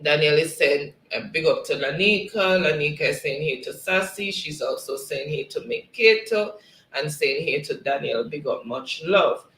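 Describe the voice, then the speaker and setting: A man's voice: fairly high pitch, moderate pace, sharp tone, roomy sound, poor audio. Man reading live chat aloud. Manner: reads viewer comments aloud, friendly, laughs often. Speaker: livestream host. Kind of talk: casual livestream chat.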